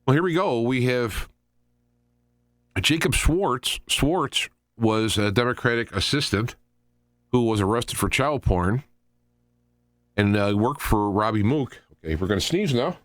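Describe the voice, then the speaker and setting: A man's voice: medium pitch, animated, measured pace, long pauses, no echo. A man hosting a show, giving rambling, opinionated political commentary as he thinks aloud. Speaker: show host.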